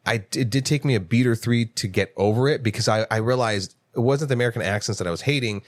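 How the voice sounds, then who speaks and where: A man co-hosting a movie podcast, ranting in casual chat with lots of swearing and sudden jumps in pitch. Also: no room sound, studio quality. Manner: animated, profane ranting with quick jumps in pitch. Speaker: podcast co-host.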